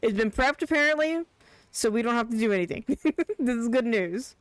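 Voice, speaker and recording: A woman's voice: a little high, expressive, brisk, no room sound. Chatty woman streamer, dry close sound. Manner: chatty, rambling, laughs often. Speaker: game streamer. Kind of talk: casual live gameplay commentary.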